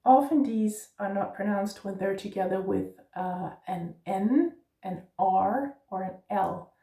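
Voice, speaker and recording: Slow-talking woman teaching pronunciation. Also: mid-range voice, vocal fry, mellow, echoey room, distant mic. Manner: patient, spells out letters, frequent "yeah?" checks. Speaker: Danish language teacher. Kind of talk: pronunciation lesson.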